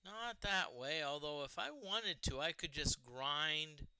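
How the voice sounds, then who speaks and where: A high-pitched man talks slowly and chattily as he streams an old role-playing game, exclaiming at loot and scolding characters on screen. His voice is bright and cutting. Faint game music plays behind him. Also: animated, smooth, no echo, poor audio. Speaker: streamer playing a retro computer RPG. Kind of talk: casual gameplay commentary.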